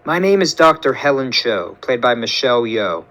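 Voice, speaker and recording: A man voicing a calm, caring woman scientist and mother who speaks gently and slowly. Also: mid-range voice, rough recording. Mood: soothing.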